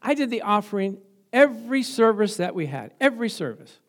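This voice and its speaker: A man's voice: high voice, big pitch swings, brisk. A middle-aged male pastor preaching a sermon, telling stories with laughter and frequent praise interjections.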